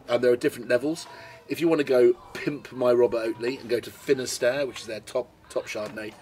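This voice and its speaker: A man's voice: mid-range voice, a little hiss or hum. Chatty British man tasting wine. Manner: chatty and enthusiastic, tastes and comments as he goes. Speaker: wine presenter. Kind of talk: casual wine tasting video. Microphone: camera mic.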